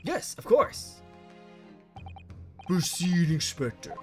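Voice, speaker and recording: A man voicing a stern older judge presiding over a trial, speaking slowly and formally. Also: high-pitched, big pitch swings, a little mellow, faint music behind, exaggerated voice. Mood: solemn. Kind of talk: reading game dialogue aloud with voices.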